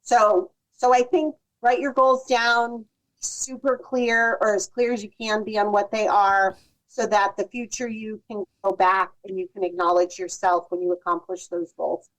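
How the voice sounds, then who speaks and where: A woman's voice: mid-range voice, level tone, normal speed, rough recording. A woman, a podcast guest, giving thoughtful advice in casual conversation. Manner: thoughtful, restarts sentences.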